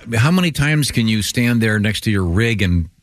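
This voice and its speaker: A man hosting casual show banter, wry and jokey, often halting mid-sentence. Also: lowish voice, expressive, no room sound. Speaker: show host.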